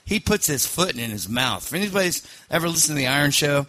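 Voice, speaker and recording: A man's voice: fairly high pitch, sing-song, fast, bright, forceful tone, no room sound. A man hosting a podcast, telling a personal story casually, rambling with fillers and restarts. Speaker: podcast host.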